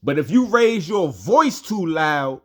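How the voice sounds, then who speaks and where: A man's voice: a little high, very animated, slow. A man giving a heated, profane opinion rant as a commentary host.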